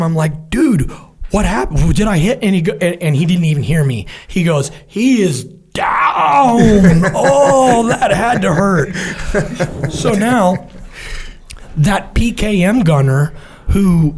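Man telling a vivid combat story. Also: on the high side. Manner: vivid storytelling, animated quoting of comrades. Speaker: military veteran guest. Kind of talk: conversational war storytelling.

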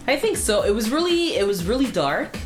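A woman with a French Canadian accent, telling a family road-trip memory in casual chat, halting with many fillers and restarts. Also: a little high, big pitch swings, music in the background. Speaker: storyteller. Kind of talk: casual conversational storytelling.

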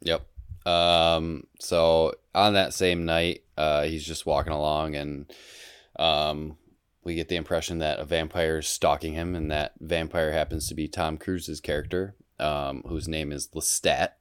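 A man co-hosting a podcast, retelling a film plot in a relaxed way with lots of fillers. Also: extremely low pitch, measured pace, smooth. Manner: relaxed, filler-heavy storytelling. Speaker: podcast co-host. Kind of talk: casual chat.

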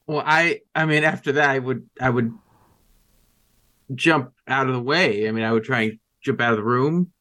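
A man's voice: medium pitch, moderate pace, pauses often, bright, forceful tone. A man playing a tabletop horror game, talking loosely, swearing and laughing easily. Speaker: player. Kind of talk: casual tabletop game chat.

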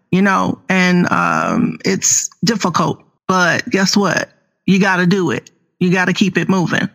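A woman in her fifties, an author guest, telling her personal story in an earnest, slow, faith-filled way. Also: fairly low pitch. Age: 50s. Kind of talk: personal testimony interview.

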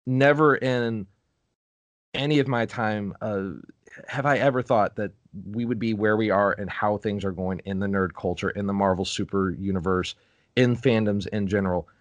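A man's voice: on the low side, fairly even intonation, moderate pace, no room sound. A man co-hosting a podcast in casual chat, rambling, laughing often and wandering off on tangents. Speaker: podcast co-host.

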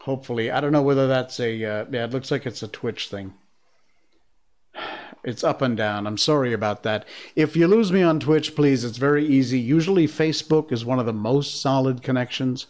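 A man hosting a live stream, reacting to clips and telling stories in a rambling, excitable way with frequent laughs. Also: mid-range voice, moderate pace. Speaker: livestream host. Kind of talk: casual live-stream commentary.

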